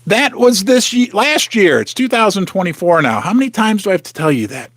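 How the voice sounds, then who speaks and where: A man's voice: high-pitched, animated, brisk, a bit bright, no room sound. A man hosting a casual, rambling commentary from his basement, talking straight to his viewers with sarcastic asides and muttering to himself. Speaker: host of a precious metals channel. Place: home basement.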